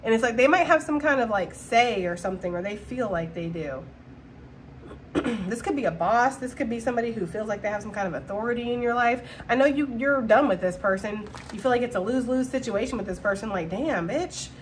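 Slangy lady doing a chill tarot reading, kinda high voice, a little hiss behind. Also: a little fast. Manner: chatty, slangy, animated, breaks into laughter. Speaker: tarot reader. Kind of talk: casual tarot reading to camera.

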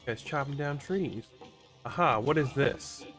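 A co-op gaming partner calls out quick instructions between dry, deadpan jokes. The voice sits at a middle pitch, and faint music plays underneath. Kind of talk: casual gaming chat.

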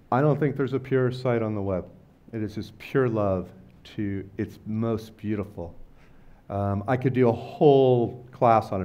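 A middle-aged man speaking at a lecture event, telling stories in a loose, rambling, slangy way and acting out quotes with sudden jumps in pitch and loudness. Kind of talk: casual storytelling talk. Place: lecture venue before a live audience.

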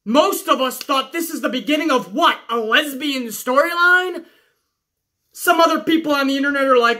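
High, bright, profane woman ranting. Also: expressive, normal speed. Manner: exasperated, sarcastic, swears a lot. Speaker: wrestling show reviewer. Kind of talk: profane recap rant.

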